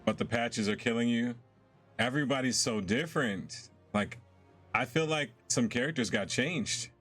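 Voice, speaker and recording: A man's voice: medium pitch, normal speed, a bit bright. A young man chatting casually and laughing often while he streams a game. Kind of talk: casual live-stream chat while gaming. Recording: faint game music behind.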